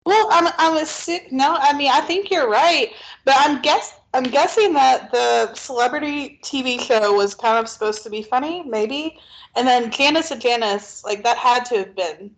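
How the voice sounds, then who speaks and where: A woman's voice: high voice, normal speed, low-quality recording. A woman co-hosting a podcast, chatting casually with hesitant restarts and agreeable replies. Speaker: podcast co-host. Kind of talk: casual chat.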